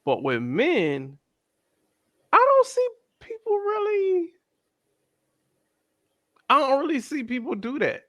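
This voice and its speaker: Animated bright-voiced man, casual slang. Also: slow, pauses often, no echo, studio quality. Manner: animated, slangy, jumps into high-pitched voices when quoting others. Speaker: podcast co-host. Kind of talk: casual chat.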